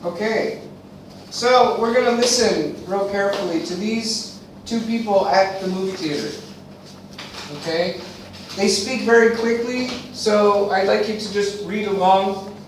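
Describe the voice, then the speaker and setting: High-voiced American man teaching from afar. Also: slight background noise. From eastern United States. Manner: slow, deliberate drilling with repetition. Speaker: English teacher. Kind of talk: classroom teaching. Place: classroom. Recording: echoey classroom from far off.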